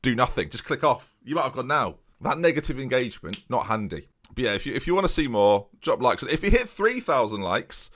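A young man chatting casually to his viewers while playing a football management game, breaking into excited match commentary. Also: medium pitch, a little fast. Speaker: gaming YouTuber.

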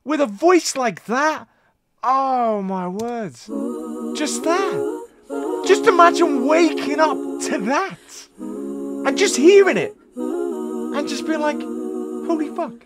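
A British reaction video host giving casual, excitable commentary full of swearing and loud exclamations. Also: high voice, slow, pauses often, over loud music. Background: song playing faintly.

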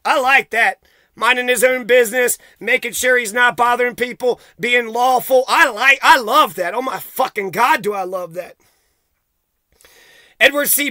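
A man's voice: very high-pitched, bright, forceful tone, no room sound. A man ranting into the camera for his vlog, heated and accusatory, swearing constantly. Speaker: vlogger. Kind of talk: profane angry rant to camera.

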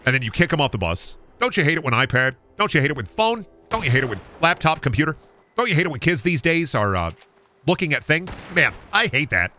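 Bright, gravelly-voiced male streamer. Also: on the high side, big pitch swings, fast talker, soft background music. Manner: absurd, self-aware storytelling, swearing. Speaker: gaming streamer. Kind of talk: rambling comedic riffing on stream.

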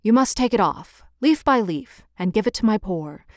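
A woman voicing a gentle statue prince. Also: high voice, expressive, moderate pace, no room sound, clean studio sound. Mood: tender. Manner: gentle, tender. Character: loving, generous golden statue prince.

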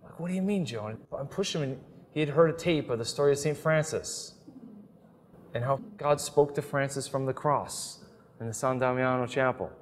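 A man's voice: mid-range voice, normal speed, long reverb tail, a little hiss or hum. A middle-aged man giving an earnest, emphatic talk on prayer, telling stories as he teaches. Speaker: Catholic speaker. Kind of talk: sermon-style teaching talk.

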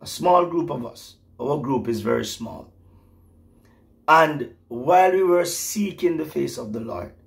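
A man's voice: on the high side, lively intonation, unhurried, creaky. A middle-aged man preaching an emotional prophetic sermon, rising to fervent exclamations.

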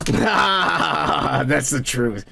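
A man's voice: a little high, animated, drawn-out words, vocal fry, sharp tone, husky. A man hosting a comedy podcast, reading out viewer comments in a crude, rambling way full of profanity and mocking asides.

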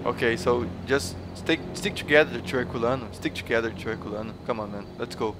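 A man's voice: medium pitch, brisk, noisy background. A man with a Brazilian Portuguese accent, hosting a gaming video and playing a mock cop who teases and repeats himself. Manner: loud, teasing, repeats phrases, mixes in Portuguese. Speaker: gaming channel host. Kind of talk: playful in-game role-play, mock interrogation.

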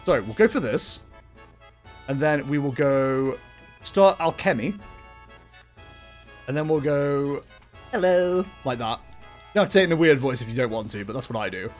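A man's voice: mid-range voice, animated, moderate pace, pauses often. A man live-streaming a card game, chatting casually, joking about himself and laughing often. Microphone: desk microphone, webcam. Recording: music playing faintly behind.

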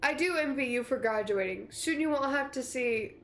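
Brief: giggly woman streamer with a high voice, reading dialogue with playful drama. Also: moderate pace. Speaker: gaming streamer. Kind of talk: reading game dialogue aloud in a let's play.

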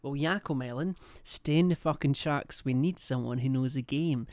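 A man's voice: medium pitch, moderate pace, a little mellow. A young man livestreaming a game, chatting casually, swearing a lot and reading out chat and subscriber messages. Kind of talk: casual live-stream chat.

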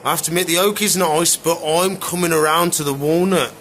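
A man's voice: fairly high pitch, brisk, a little hiss or hum. A man casually chatting while showing his pet animals and tanks, rambling along with lots of easygoing fillers. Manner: rambling, relaxed, many "so yeah" fillers. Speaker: exotic pet keeper and vlogger.

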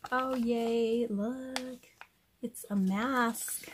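A woman craft vlogger unboxing a gift package, gushing over each item and repeating how cute everything is, now and then dropping to a soft whisper. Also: a little high, fairly even intonation, extremely slow, very noisy. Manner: gushing, says "cute" and "oh my gosh" constantly. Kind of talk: casual unboxing chat to camera.

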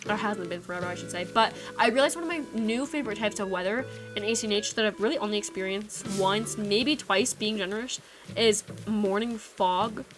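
A woman's voice: medium pitch, fairly quick. A young woman streaming a game, chatting casually with viewers in a rambling, giggly way that keeps breaking off mid-thought. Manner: rambling, giggly, self-interrupting. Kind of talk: casual live-stream chat. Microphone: desk microphone. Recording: game music playing behind. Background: game music.

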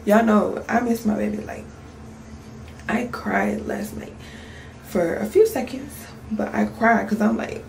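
A woman's voice: mid-range voice, slow, vocal fry, long pauses, darkish tone, a little hiss or hum, rough recording. A woman in her twenties, a young mom, chatting casually to her viewers in a vlog just after waking up, sleepy, with speech. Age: 20s. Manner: chatty, candid, talks straight to viewers. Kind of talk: casual vlog chat to camera.

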